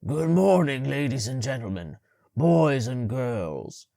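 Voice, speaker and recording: A man voicing a short-tempered male ruler with a deep, gravelly, hoarse voice, booming and stumbling over words as he reads aloud. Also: expressive, normal speed, no echo, studio quality. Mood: booming, halting.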